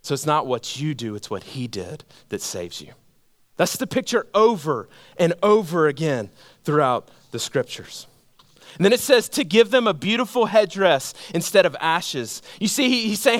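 A middle-aged male pastor with a high-pitched voice delivers a sermon in a conversational, storytelling manner. He peppers the congregation with rhetorical questions and swings from loud, emphatic peaks to soft, low passages. The sound is dry and close. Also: very animated, normal speed, no echo. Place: church hall with a congregation.

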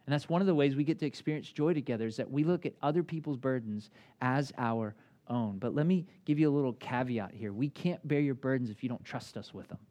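A man in his thirties preaching a sermon as a pastor, conversational and animated, with acted asides. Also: mid-range voice, fast talker.

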